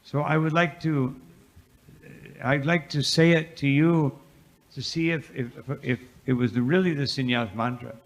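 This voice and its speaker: A man's voice: medium pitch, measured pace, lightly acted. A man voicing a humble young saint, earnest, in a long-echo hall. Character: humble young male saint asking his teacher. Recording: reverberant hall.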